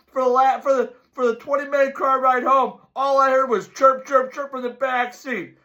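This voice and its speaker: A man's voice: extremely high pitch, steady tone, normal speed, bright, forceful tone, lo-fi sound. A middle-aged man hosting a sports show, ranting emphatically and repeating catchphrases to his viewers.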